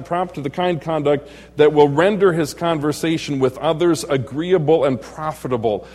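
High-voiced jovial man preaching in a hall. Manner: jovial and joking, chuckles often, teases the congregation. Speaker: pastor. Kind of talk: evening church lesson sermon. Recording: long hall reverb.

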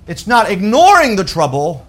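A male pastor preaching a sermon, slowing down to quote scripture and swinging between loud emphatic peaks and quiet, low passages. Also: wildly swooping pitch. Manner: emphatic preaching that rises to shouts and drops to soft lows; quotes scripture in a slow, deliberate voice.

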